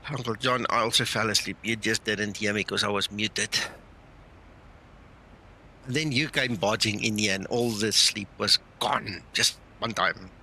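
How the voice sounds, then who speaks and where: A man hosting a flight simulator live stream, chatting loosely and talking himself through each step. His voice has a gravelly edge and a very bright, forceful tone. A faint hiss of noise sits under the talk. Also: lowish voice, fairly even intonation, measured pace, poor audio. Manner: chatty, thinks aloud while flying. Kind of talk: casual live-stream chat.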